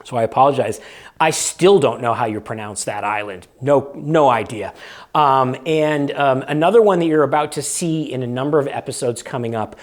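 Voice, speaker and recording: A man from New England hosting a vlog, explaining things to camera in a casual, good-humored and self-deprecating way. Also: medium pitch. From New England, United States. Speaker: vlog host.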